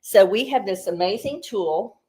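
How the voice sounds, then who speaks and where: A woman's voice: medium pitch, expressive, unhurried, darkish tone. A woman giving a casual, upbeat beauty tutorial as a consultant, chatty and explaining step by step, a little out of breath.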